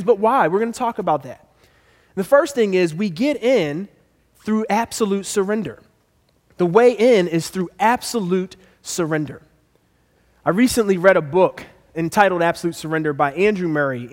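A man's voice: sits high, in a large hall. A man preaching a sermon as pastor, emphatic and repeating his key phrases.

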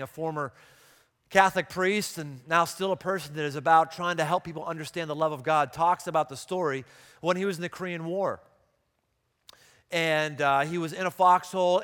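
A man preaching a sermon in a large hall, his voice carrying a long reverb. His tone is bright and forceful, and he swings from calm storytelling into impassioned outbursts. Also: a little high, smooth. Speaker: pastor.

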